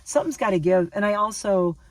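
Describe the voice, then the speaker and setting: A medium-pitched, fairly quick voice, recorded far from the mic, belongs to a lifestyle vlogger in her fifties. Her casual monologue to camera wanders, and she speaks emphatically to her viewers, repeating herself and frequently restarting sentences.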